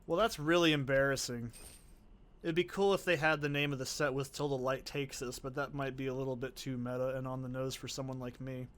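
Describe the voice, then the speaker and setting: A man's voice: medium pitch, fairly even intonation, a little fast, a bit bright. A young man giving casual, rambling gameplay commentary, offhand and full of swearing. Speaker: let's play host.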